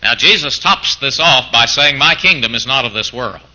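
A man's voice: mid-range voice, expressive, normal speed, sharp tone, poor audio. A man preaching a sermon who keeps throwing out mock-incredulous rhetorical questions, as if arguing back in the voice of a doubter.

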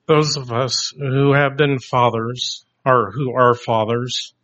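A man in the middle of his range reflects on faith and everyday life, slow and unhurried, with a light self-deprecating touch. The recording is dull and lo-fi, and the top end is rolled off. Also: medium pitch, level tone, a bit bright. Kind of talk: reflective Christian commentary.

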